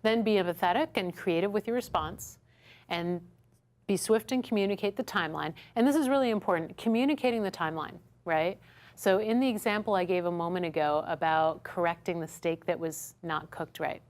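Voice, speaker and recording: A woman with a fairly low voice teaches a customer-service workshop in a studio classroom. She is lively and acts out little dialogues, often asking the room "right?". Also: brisk. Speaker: instructor. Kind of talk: recorded workshop lesson. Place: studio classroom with a small audience.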